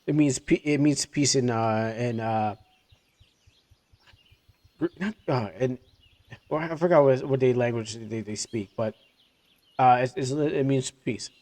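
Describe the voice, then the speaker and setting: A man's voice: medium pitch, unhurried, long pauses, a little mellow. A man streaming a game live, chatting and commenting with many restarts.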